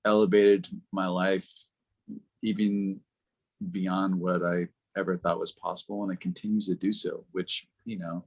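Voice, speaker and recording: A man, a podcast co-host telling stories in a relaxed, casual way and swearing freely. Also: deep voice. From Los Angeles, United States. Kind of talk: casual conversation.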